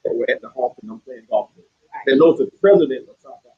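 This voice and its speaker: A man's voice: mid-range voice, animated, rapid-fire, slightly rough. A man from Atlanta, a guest, recounting his trip in an amused, casual way. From Atlanta, USA. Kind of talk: casual conversation. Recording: dull lo-fi sound.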